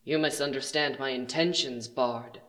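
A storyteller voicing a scheming mage who speaks quietly and coldly, with open condescension. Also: medium pitch, steady tone, normal speed, voice pushed down, natural voice.

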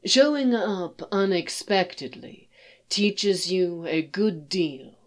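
A woman reading a story aloud and voicing a poised alien male statesman who speaks in a dry, measured, quietly amused way, in a slow, soft and slightly distant tone. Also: lowish voice, lively intonation.

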